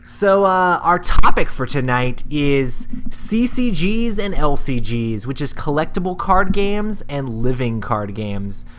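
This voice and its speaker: Podcast host, man, expressive pitch, faint background hum. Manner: relaxed, drawn-out pauses, laughs easily. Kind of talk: casual chat.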